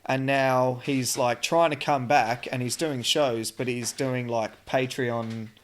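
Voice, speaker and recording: A man's voice: medium pitch, fairly even intonation, takes it slowly. A man co-hosting a podcast, chatting casually in a rambling, swearing way. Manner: rambling, swearing, filler-heavy. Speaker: podcast co-host.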